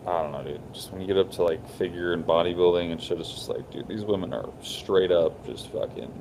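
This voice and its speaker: Deep-voiced young man, crude and slangy. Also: brisk, creaky, background noise. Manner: crude, slangy, laughing often. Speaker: podcast co-host. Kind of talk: casual chat.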